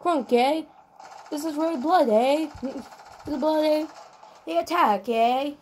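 A high-voiced guy doing a clumsy mock Australian gamer. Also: unhurried, slight background noise. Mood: joking. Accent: put-on Australian.

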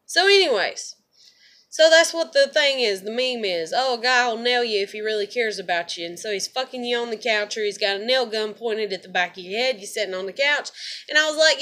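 A woman speaks straight to her viewers in a rambling, foul-mouthed rant and trips over repeated words. Her voice sits a little high and sounds sharp and tense. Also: lively intonation, a little fast. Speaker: vlogger. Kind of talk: casual venting monologue to camera.

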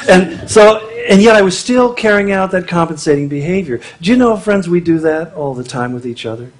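A man's voice: high voice, lively intonation, brisk. A middle-aged man giving a conversational, humorous sermon at a marriage conference, acting out little quotes as he goes. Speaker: conference speaker.

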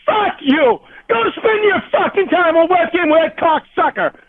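Man on the phone, high and strained, sobbing through a jealous, profanity-filled rant; tinny line. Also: lively intonation, normal speed, no room sound. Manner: jealous, swearing nonstop, accusing. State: crying, voice cracking. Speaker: angry caller.

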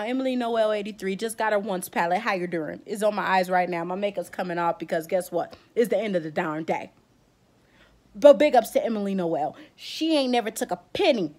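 A woman's voice: medium pitch, expressive, a little fast, a little mellow. Fired-up woman ranting, close to tears. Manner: fired-up, emotional and blunt, with casual slang. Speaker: beauty vlogger. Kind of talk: heated vlog rant.

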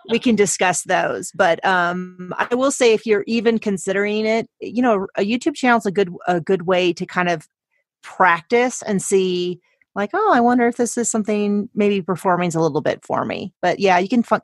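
Woman guest, chatty, emphatic, gravelly, low-ish, dry sound. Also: no room sound. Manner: chatty, restarts sentences, emphatic. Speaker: guest author. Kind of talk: casual interview chat.

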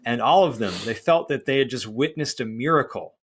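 A man co-hosting a podcast, explaining a play in a thoughtful, measured way with some restarts. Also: medium pitch, slightly rough. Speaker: podcast co-host. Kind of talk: casual conversation about literature.

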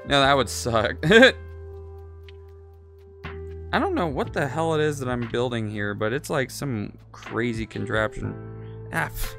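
A man's voice: a little high, lively intonation, slow, vocal fry, pushed and bright, faint music behind. A man in his twenties chatting casually while building a toy, rambling, talking to himself and swearing freely. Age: 20s. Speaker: streamer.

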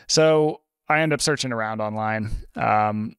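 A man in a conversational podcast interview, a lively storyteller who talks with plenty of fillers. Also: fairly low pitch, normal speed, hardly any pauses, clean tone, dry recording, studio quality. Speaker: podcast guest, author.

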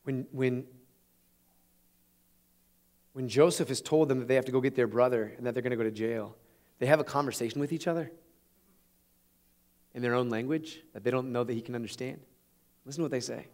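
A man preaching a sermon, retelling a scripture story in an animated, conversational way with chuckles. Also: medium pitch, a little fast, pauses often. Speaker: pastor.

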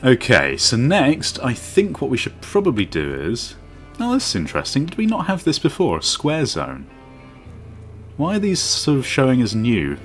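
A male game commentator does casual let's-play narration in a mid-range voice with huge pitch swings at a moderate pace. He thinks aloud and makes self-mocking asides, with faint music in the background.

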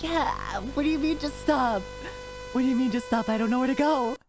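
High-voiced woman screaming through a stream. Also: a little fast, over music, low-quality recording. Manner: panicky, yelling and swearing. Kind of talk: live horror game stream.

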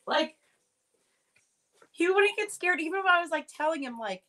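A woman in her thirties hosting a live jewelry sale, rambling through family stories with many fillers and acting out her kids' lines in a higher voice. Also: expressive, normal speed, fairly bright tone, low-quality recording. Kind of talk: casual chatty live selling.

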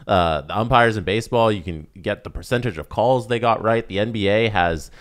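A man's voice: on the low side, a little fast. A man, co-hosting a hockey podcast and earnestly making his case. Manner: earnest, explaining points at length. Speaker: podcast co-host. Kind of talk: casual hockey chat.

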